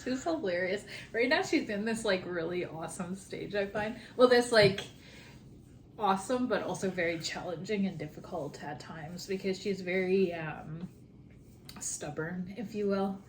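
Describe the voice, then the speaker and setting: Woman from Canada, casual podcast co-host, mid-pitch, filler-heavy, faint noise behind. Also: lively intonation, moderate pace. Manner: chatty, lots of "like" fillers. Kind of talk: casual chat.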